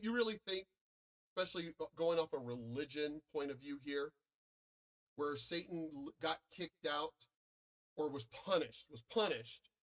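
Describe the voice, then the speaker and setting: A man's voice: fairly high pitch, fairly bright tone. An American man in a profane, combative and boastful ranting monologue, commenting online. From United States.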